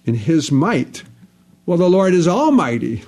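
A man's voice: fairly high pitch, big pitch swings, measured pace, a little mellow. A man preaching a sermon, stressing points by restating phrases over and over. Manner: repetitive, emphatic, restates phrases.

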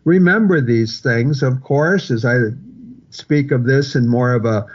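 A man's voice: mid-range voice, unhurried. A man preaching an expository sermon verse by verse, earnest and repetitive, often restarting phrases for emphasis. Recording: muffled lo-fi recording.

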